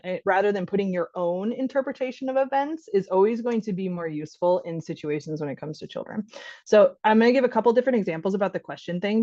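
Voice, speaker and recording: A woman's voice: mid-range voice, a little mellow, no room sound, highs cut off. A woman physician giving an online training workshop for caregivers, talking conversationally and acting out short exchanges, often laughing. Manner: conversational, acts out child and parent voices, laughs often.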